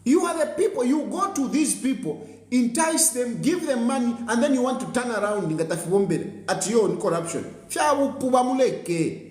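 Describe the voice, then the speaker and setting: A man's voice: very high-pitched, animated, moderate pace, a little mellow. A Zambian man hosting a political commentary show, scolding and combative, repeating phrases for emphasis and slipping into local words. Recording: roomy echo.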